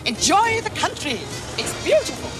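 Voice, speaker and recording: A woman's voice: very high-pitched, very animated, normal speed, over music. A woman playing a fussy, bossy upper-class lady in a TV sketch, talking in a posh, fluttery way. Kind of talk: 1980s TV sketch comedy.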